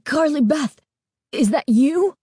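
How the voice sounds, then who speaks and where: Woman playing a scared young boy, high nervous voice, trembling, mellow tone. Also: brisk, no room sound, studio quality, lightly acted.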